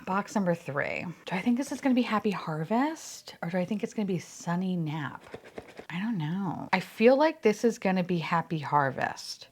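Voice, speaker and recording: Excitable woman vlogger, casual chat, lively bouncing pitch, quick squeals. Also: a little hiss or hum. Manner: bubbly, swears, frequent laughs and squeals. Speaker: unboxing vlogger.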